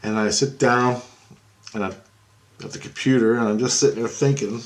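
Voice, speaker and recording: A man telling a story in a rambling, excitable way, with lots of swearing and restarts. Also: medium pitch, moderate pace. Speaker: vlogger. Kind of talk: casual storytelling.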